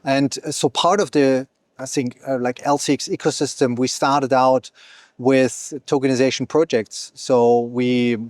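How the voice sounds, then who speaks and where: A man's voice: mid-range voice, fairly even intonation, unhurried, dry recording. Man talking in a very dry close sound. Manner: fluent, many fillers and restarts. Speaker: exchange founder, guest. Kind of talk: conversational interview. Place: event venue.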